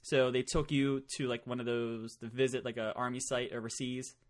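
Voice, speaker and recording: A man's voice: mid-range voice, normal speed. A man hosting a podcast, telling stories in casual chat, swearing often and laughing as he goes. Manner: profane, laughing, animated storytelling. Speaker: podcast host.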